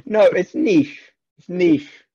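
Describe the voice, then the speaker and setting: A man's voice: sits high, extremely slow, mellow. A Scottish man, a wrestler, chatting as a podcast guest in a playful, mock-indignant, rambling way. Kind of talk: casual podcast chat.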